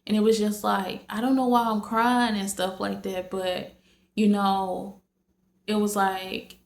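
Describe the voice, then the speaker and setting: A woman's voice: medium pitch, level tone, unhurried. A woman vlogging casually to her viewers late at night, rambling with many fillers and restarts. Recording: echoey room.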